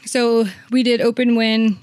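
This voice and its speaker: A woman's voice: on the high side, monotone, measured pace, darkish tone, smooth, no room sound, studio quality. A woman working as a hospice nurse, telling a long story in a podcast interview, with many fillers and quoted lines acted out.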